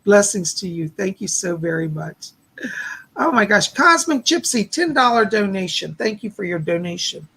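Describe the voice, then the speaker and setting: A male psychic medium hosts a livestream, answering chat with live readings in a high-pitched, sing-song voice at moderate pace. He's losing his voice, sounding hoarse and gravelly, yet stays gentle and reassuring, relaying messages with repeated "she said."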